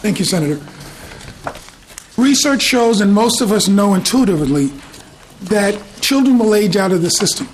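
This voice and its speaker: A middle-aged man testifying before a committee, speaking in a measured, courteous and explanatory way into a table microphone in a hearing room. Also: high-pitched, expressive, a little hiss or hum. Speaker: invited presenter, program team leader. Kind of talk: formal testimony.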